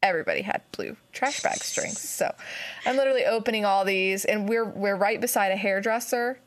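A young woman from West Virginia, a dog groomer, telling a story in casual chat and acting out quotes with big jumps in pitch. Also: fairly quick.

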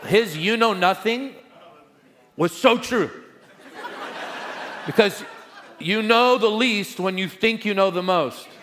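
A middle-aged male pastor preaching a sermon, swinging between loud proclamations and quiet asides. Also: sits high, slow pace, long pauses, big-room sound.

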